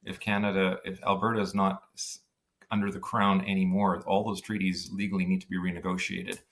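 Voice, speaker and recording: Deep-voiced blunt male podcast guest. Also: flat delivery, a little fast, fairly bright tone. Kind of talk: casual political discussion.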